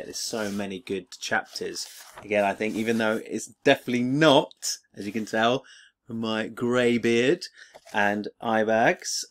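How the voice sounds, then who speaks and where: A man's voice: lowish voice, fairly bright tone. A middle-aged man, a teacher, chatting casually in a vlog, enthusiastic and rambling, with many fillers and restarts. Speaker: teacher and video creator.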